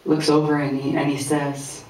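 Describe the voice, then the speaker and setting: A man's voice: a little high, completely flat delivery. Man telling stand-up stories in an echoey room. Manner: conversational, anecdotal, with filler pauses. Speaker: stand-up comedian. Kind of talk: stand-up storytelling. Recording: echoey room heard from a distance.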